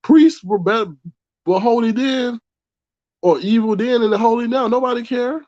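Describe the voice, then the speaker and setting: A man's voice: extremely high pitch, fairly even intonation, normal speed, darkish tone, no room sound, dull audio. Blunt man hosting a livestream. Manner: blunt, swearing, chatty. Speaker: livestream commentary host. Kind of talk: casual livestream commentary.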